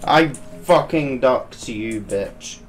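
A man talks over his gameplay in a slow, unhurried drawl, his pitch swinging widely as he curses at the game. He is plainly frustrated, firing off swear words and breaking into angry rants. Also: lively intonation, faint music behind. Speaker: gamer streaming a VR game. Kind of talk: gameplay commentary.

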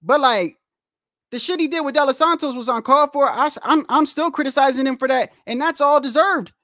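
A man hosting a boxing livestream and ranting in a heated, animated way, repeating himself, swearing often and trash-talking the chat. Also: very high-pitched, fairly quick, dry recording, clean studio sound. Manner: animated, repetitive, trash-talking with frequent profanity.

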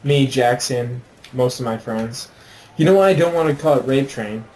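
A man's voice: medium pitch, moderate pace, darkish tone, low-quality recording. An American man chatting casually and loosely while playing a game. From United States. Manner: easygoing, rambling explanations. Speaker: gaming co-commentator. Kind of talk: casual gameplay chat.

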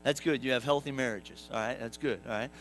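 A man's voice: mid-range voice, a little fast, fairly bright tone, slight background noise, low-quality recording. A male pastor preaching a sermon in a church, conversational and joking, talking to the congregation and acting out quotes in playful voices. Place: church sanctuary.

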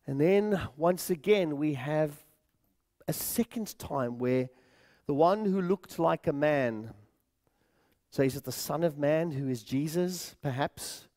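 In a church, a pastor delivers an earnest sermon, repeating words and calling the congregation his friends. His voice is fairly high, a little mellow, and he speaks slowly.

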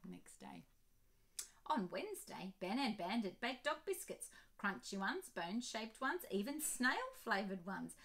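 Animated woman reading to children. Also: mid-range voice, a little slow. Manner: animated, asking listeners questions. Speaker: picture-book author reading aloud.

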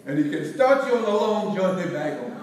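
A man's voice: sits high, sing-song, a little fast, a little mellow. Pastor, male, preacherly repeating cadence; long hall reverb, distant mic. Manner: preacherly, repetitive cadence, rising and falling. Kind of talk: Bible study teaching. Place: church hall. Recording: echoey hall, from far off.

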